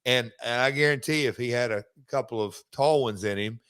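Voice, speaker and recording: Male speaker in a clip, loose rambling delivery, halting, conversational. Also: mid-range voice, a bit bright, smooth. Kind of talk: casual reminiscing.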